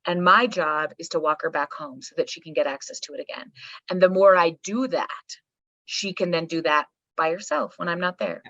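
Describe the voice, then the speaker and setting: A middle-aged woman, a psychologist guest, talking candidly in a blunt, profane, animated storytelling manner. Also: fairly low pitch, normal speed, dry recording. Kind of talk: candid podcast conversation. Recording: slightly muffled dry recording.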